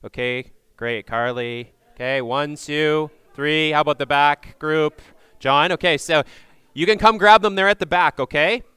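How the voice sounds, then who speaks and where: A man leading a group through a Passover meal, giving loud instructions into a microphone and checking in with frequent "okay?"s. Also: fairly high pitch, a little slow, smooth, no room sound. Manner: projects loudly into a microphone. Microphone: handheld or stand microphone.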